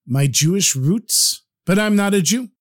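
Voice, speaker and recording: A man's voice: high voice, animated, measured pace. A man voicing a proud French nobleman who reacts with disbelief. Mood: incredulous.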